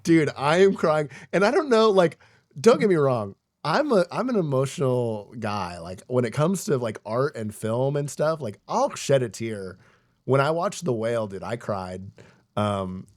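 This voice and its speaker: A man's voice: medium pitch, big pitch swings, measured pace. A young man co-hosts a podcast in loose, casual chat. He rambles through his story with plenty of fillers and frequent swearing. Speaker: podcast co-host.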